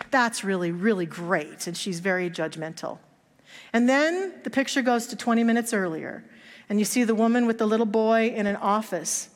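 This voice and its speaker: A woman minister giving a sermon, telling stories and acting out the voices of the people in them with earnest feeling. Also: mid-range voice. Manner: storytelling, acts out quoted voices, earnest. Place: church sanctuary. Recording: long hall reverb.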